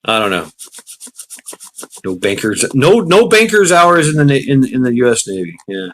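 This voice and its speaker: A man's voice: medium pitch, big pitch swings, moderate pace, fairly bright tone. A man hosting a live stream, ranting casually at his chat, blunt and profane, laughing often and reading out viewer names. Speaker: livestream host. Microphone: computer mic on a live stream.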